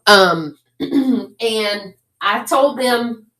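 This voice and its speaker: A woman hosting a casual live-stream sale, chatty and excitable, greeting viewers by name. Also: fairly high pitch, drawn-out words.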